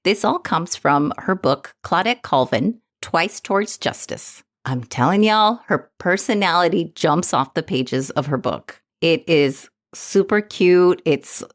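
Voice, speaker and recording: Woman co-host, casual podcast chat, animated delivery, very lively intonation. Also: lowish voice, measured pace, few pauses. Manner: animated, laughs often.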